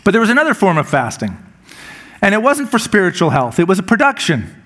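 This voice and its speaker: High-voiced man preaching a sermon. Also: wildly swooping pitch, fast, a bit bright. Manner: conversational and humorous, with repeated words when restarting. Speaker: pastor.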